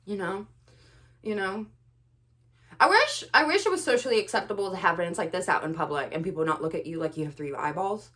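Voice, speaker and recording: A young woman ranting to the camera in a vlog, sarcastic and animated, swinging between loud outbursts and quiet asides. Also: lowish voice, quick pace, hardly any pauses. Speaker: vlogger.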